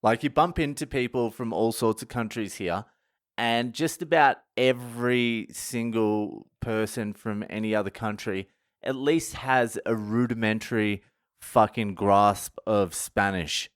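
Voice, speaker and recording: A man's voice: lowish voice, unhurried, no echo, studio quality. Sweary Australian man ranting in a vlog. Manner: sweary, animated, laughing at himself. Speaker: vlogger. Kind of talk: casual storytelling rant. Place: indoors, at home.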